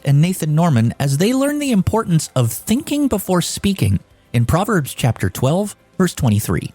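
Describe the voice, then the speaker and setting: A man reading a scripted podcast introduction in a lively, expressive way. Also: on the high side. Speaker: podcast narrator. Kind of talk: scripted narration.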